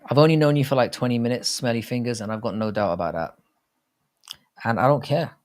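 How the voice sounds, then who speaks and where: A man's voice: mid-range voice, expressive, rapid-fire, darkish tone. A young man hosting a casual live chat, reading viewer comments aloud, over-enunciating his words and swearing freely in crude banter. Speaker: livestream host.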